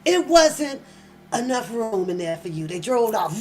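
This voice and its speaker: A woman's voice: fairly high pitch, animated, slow pace, a little mellow. A woman hosting a reaction channel, giving blunt, mocking, profane commentary and repeating phrases for emphasis.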